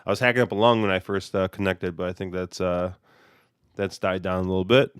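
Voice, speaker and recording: A man hosting a relaxed podcast chat, his voice stuffy and congested. It sits low and smooth, with many fillers and restarts, and the sound is dry and close. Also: fairly quick, dry recording. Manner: rambling, filler-heavy. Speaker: podcast host. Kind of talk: casual horse racing chat.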